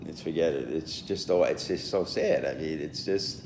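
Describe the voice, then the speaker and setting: A man's voice: a bass voice, normal speed, echoey room, background noise. A man rambling through a solo podcast monologue, full of fillers and restarts, with chuckles along the way.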